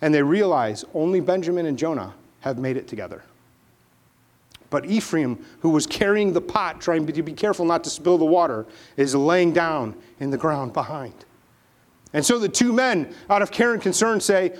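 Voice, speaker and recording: High-pitched male preacher, animated storyteller; good for a sermon read. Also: moderate pace. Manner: animated, dramatic retelling with acted voices.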